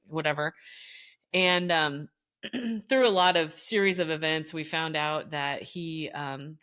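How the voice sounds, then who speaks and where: A middle-aged woman, a former teacher, telling stories as a podcast guest in an animated way, leaping up in pitch whenever she quotes someone. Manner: animated, jumps high in pitch when quoting others. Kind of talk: casual storytelling conversation.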